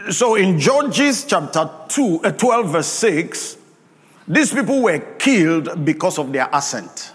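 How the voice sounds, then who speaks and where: A man's voice: sits high, very animated, slow pace. A man preaching a sermon with emphatic, call-and-response delivery, drawing out key words. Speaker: pastor. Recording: long hall reverb.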